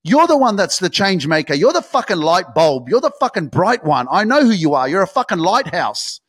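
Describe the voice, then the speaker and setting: A man delivers a motivational podcast monologue, intense and profane, repeating his points for emphasis. His voice sits somewhat high for a man. The recording is dry and close, with no room sound. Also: very animated, moderate pace, a bit bright, slightly rough, dry recording. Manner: intense, swearing, repetitive, pep-talk emphasis. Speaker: podcast host.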